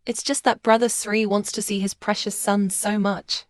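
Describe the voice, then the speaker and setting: A woman's voice: medium pitch, flat delivery, moderate pace, no echo, clean studio sound, natural voice. A woman voicing a young pregnant mistress who talks in a whiny, falsely sweet way. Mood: simpering.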